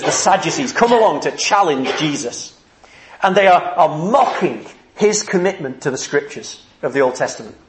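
A man preaching a sermon, earnest and emphatic, acting out the people he quotes. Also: high-pitched. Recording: echoey room.

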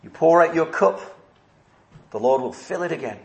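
Brief: emphatic male preacher, slightly high voice, roomy echo. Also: lively intonation, moderate pace, creaky. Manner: earnest, emphatic, repeats key phrases. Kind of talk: sermon. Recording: echoey room.

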